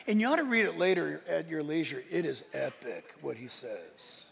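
A male pastor preaching an animated, joking sermon to his congregation. His voice is high and gravelly. The sound carries a long hall reverb. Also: normal speed, hardly any pauses, some chatter behind. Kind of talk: sermon with humor. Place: church hall with live congregation.

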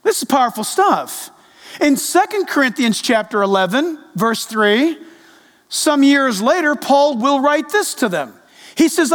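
High-voiced male preacher in an echoing hall. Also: measured pace. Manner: animated, addresses congregation directly. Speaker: pastor. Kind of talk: sermon. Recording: echoey reverb of a large hall.

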